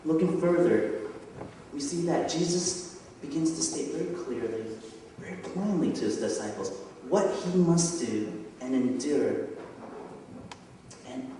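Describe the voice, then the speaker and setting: Male pastor, conversational sermon, questions to the congregation, slow delivery, lively intonation, echoey church hall from far off. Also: mid-range voice, a little hiss or hum. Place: church sanctuary.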